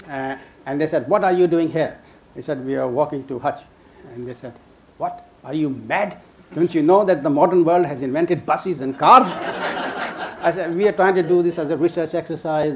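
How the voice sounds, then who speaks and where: A man's voice: mid-range voice, a little mellow, a little hiss or hum. Older man telling a story, chuckling. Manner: chuckling, halting with many restarts. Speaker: storyteller guest. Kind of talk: casual anecdote telling.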